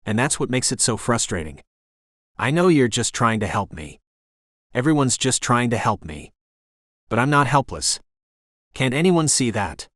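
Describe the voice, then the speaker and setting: A man's voice: mid-range voice, very animated, moderate pace, pauses often, a bit bright, no room sound, clean studio sound. A man voicing a hurt, strong-willed young woman in an audiobook, sounding frustrated and pleading. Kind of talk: audiobook character reading.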